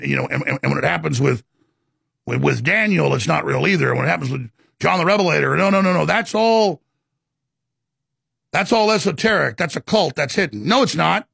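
Gravelly, husky high-voiced man ranting. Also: brisk, fairly bright tone, no room sound, studio quality. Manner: rambling, emphatic, with many stammered restarts. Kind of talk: impassioned monologue.

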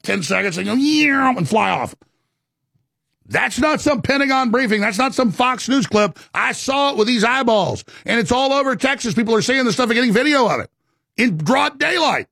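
A man's voice: extremely high pitch, creaky, a bit bright, slightly rough, dry recording, clean studio sound. A man hosting a talk show, delivering an impassioned, rambling monologue with emphatic stresses and many stammered restarts.

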